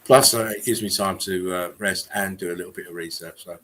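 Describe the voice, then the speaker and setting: Low-voiced man, rambling chat. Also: steady tone, a little fast, fairly bright tone, a little hiss or hum. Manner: rambling, many fillers and restarts. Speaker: stream co-host. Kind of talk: casual livestream chat.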